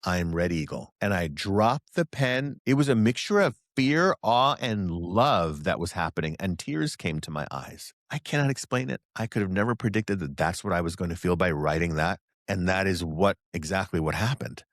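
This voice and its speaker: A man's voice: sits low, moderate pace, few pauses, dry recording, clean studio sound. A man, a guest psychic channeler, telling stories in a casual interview and acting out the voices he quotes. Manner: animated storyteller who acts out quoted voices.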